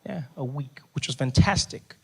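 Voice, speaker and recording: Onstage before a live theater audience, a man from South Africa delivers a stand-up set of stories and impersonations. His mid-range voice is husky with vocal fry, at a moderate pace.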